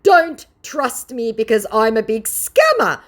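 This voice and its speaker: A woman voicing a whiny, pleading male online scammer in a high, exaggerated mocking tone. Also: very animated, takes it slowly.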